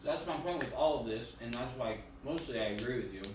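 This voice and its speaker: A man co-hosts a game stream, talking politics in an earnest, casual way with some swearing. He sits well back from the mic in a very echoey room. Loud background noise almost covers him. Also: medium pitch, quick pace, recorded from a distance. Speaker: podcast co-host. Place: home streaming setup.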